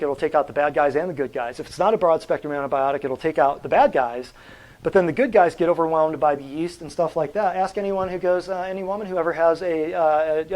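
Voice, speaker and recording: A man delivers a natural health lecture to a class in a classroom. His voice sits a little high, and he talks in an animated, preachy way. He keeps throwing rhetorical questions at his listeners. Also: low-quality recording.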